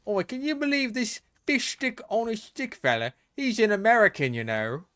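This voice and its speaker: A man's voice: high voice, animated, moderate pace, bright, forceful tone, clear, resonant tone, voice pushed up. A man doing an exaggerated put-on British accent that slides into Australian, voicing a mocking, rowdy bloke. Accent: put-on British drifting Australian.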